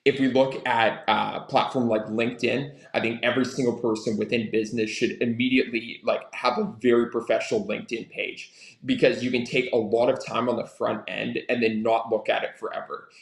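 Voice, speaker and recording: A young man talking through business advice as an interview guest, leaning on "like" fillers as he goes. His voice has a gravelly edge and sits at a medium pitch. It carries a roomy echo. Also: flat delivery. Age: young adult. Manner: fast, filler-heavy with frequent "like". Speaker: guest, social media marketing entrepreneur.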